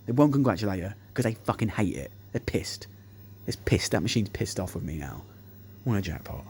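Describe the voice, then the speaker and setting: A man telling sweary, animated anecdotes while playing a slot machine, acting out what people said. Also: lowish voice, brisk, slight background noise. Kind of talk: casual storytelling over gameplay. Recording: music playing behind the voice.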